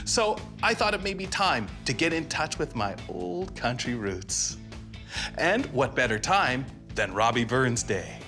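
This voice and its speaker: A man hosting a comedic TV segment, delivering wry, deadpan jokes. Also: medium pitch, measured pace. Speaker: host. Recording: music behind.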